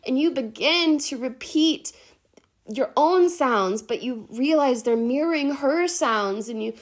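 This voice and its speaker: A woman's voice: high voice, expressive, a little slow. A woman leading a guided meditation in an intense, emphatic way, with frequent swearing.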